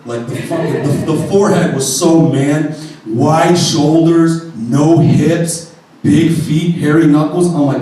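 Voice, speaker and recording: A man tells a stand-up story in a fairly high voice, animated and full of swearing. His voice comes from far off the mic and rings through a very echoey room. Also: normal speed. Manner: animated, profane. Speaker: stand-up comedian.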